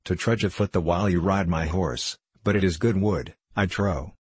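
A man's voice: low voice, moderate pace, slightly rough, dry recording. A man reading the part of a bold young forester who speaks bluntly and boastfully in archaic words.

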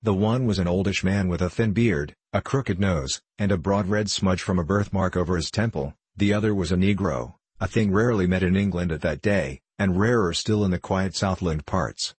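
A man reading a story aloud in measured, steady scripted narration, close to the mic. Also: sits low, husky, dry recording. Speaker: audiobook narrator.

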